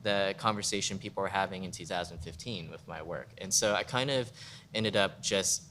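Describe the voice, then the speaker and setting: Fast-rambling man with a bright voice. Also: low-pitched, a little hiss or hum. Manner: rambling, heavy with "like" fillers, frank and swearing. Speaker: guest photographer. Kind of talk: casual panel conversation. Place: museum event space.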